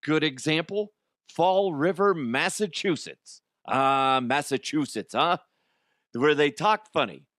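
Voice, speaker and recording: A man hosting a casual comedy news podcast, crude and jokey, with quick put-on voices. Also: fairly high pitch, a bit bright, dry recording, clean studio sound. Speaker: podcast host.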